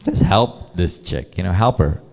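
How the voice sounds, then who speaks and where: A male pastor telling a personal story in a sermon, animated and casual, laughing often and filling gaps with "you know". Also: sits low, a little slow, creaky.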